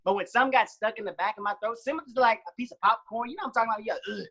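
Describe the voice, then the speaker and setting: Bright-voiced young man telling stories. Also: high-pitched, rapid-fire, highs cut off. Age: 20s. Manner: animated storyteller, acts out his own quotes. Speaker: guest. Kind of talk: casual interview chat.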